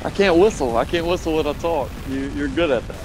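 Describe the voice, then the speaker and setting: A man's voice: on the high side, brisk, loud music behind the voice, poor audio. A man joking playfully with friends on a gaming voice chat. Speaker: squad member.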